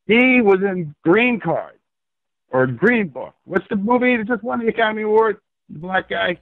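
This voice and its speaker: A man being interviewed over the phone about his low-budget film, telling stories in an animated, excitable, profane way. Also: moderate pace, dry recording. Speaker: filmmaker guest. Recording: tinny dry phone line.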